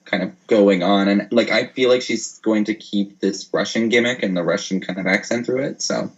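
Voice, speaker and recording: A man's voice: on the low side, moderate pace, breathy edge, dull audio. A man chatting casually on a show, eager and talkative, laughing easily. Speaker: podcast co-host. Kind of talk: casual chat.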